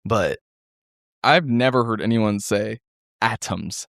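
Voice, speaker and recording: A Midwestern man co-hosts a casual podcast, his medium-pitched voice moving at a moderate pace. He's laid-back, laughs a lot, and swears freely. The studio recording is clean with no room sound.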